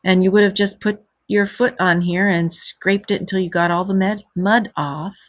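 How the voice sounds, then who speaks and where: A woman teacher reads a storybook aloud to children and stops to explain words patiently. Her voice is slightly husky. The sound is dry, with no room echo. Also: mid-range voice, fairly even intonation, normal speed.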